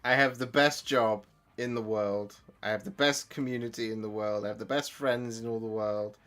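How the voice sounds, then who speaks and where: A man's voice: lowish voice, steady tone, normal speed, fairly bright tone. A middle-aged man hosting a live stream. He thanks viewers while painting miniatures, gets emotional, laughs often and says thank you again and again. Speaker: channel host.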